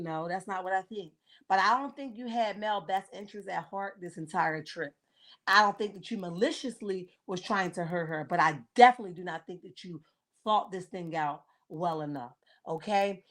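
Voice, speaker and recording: A woman's voice: mid-range voice, moderate pace. Sassy woman in her forties hosting a live chat. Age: 40s. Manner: sassy, blunt, keeps checking in with "okay?"; greets viewers by name as they join. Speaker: livestream host. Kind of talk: casual live-chat commentary on reality TV.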